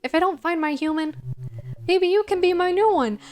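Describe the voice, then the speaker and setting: Woman voicing a bouncy, chatty ghost pup for a game, very high and loud. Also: moderate pace, very noisy. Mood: excited. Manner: excitable, chatty, sweet. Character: eager, goofy friendly ghost dog.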